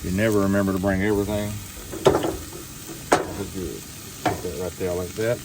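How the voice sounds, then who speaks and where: A man's voice: low-pitched, fairly even intonation, moderate pace. Folksy Southern man cooking outdoors. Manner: folksy, chatty, talks while cooking. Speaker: outdoor vlogger. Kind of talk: casual cooking chat to camera. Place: winter campsite outdoors. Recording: outdoor noise with sizzling pan. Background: outdoor ambience and frying food.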